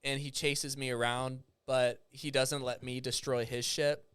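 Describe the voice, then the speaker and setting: Smooth-voiced laid-back dad. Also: male voice, mid-range voice, level tone, a bit bright. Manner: easygoing, rambling, quick to laugh. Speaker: podcast guest, father of two young sons. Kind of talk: casual podcast chat.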